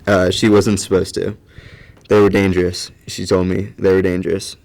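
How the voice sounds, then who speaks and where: A man voicing a grown woman who recounts a disaster in simple, halting, childlike sentences. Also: low-pitched, flat delivery, vocal fry, darkish tone. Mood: flat recollection. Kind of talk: audio drama acting.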